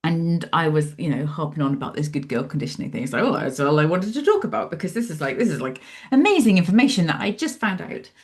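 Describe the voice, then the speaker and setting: Brief: woman, 40s, interview guest, animated storyteller, lowish voice. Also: fast, hardly any pauses. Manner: animated, acts out her own past thoughts in lively asides. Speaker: guest, psychologist and author.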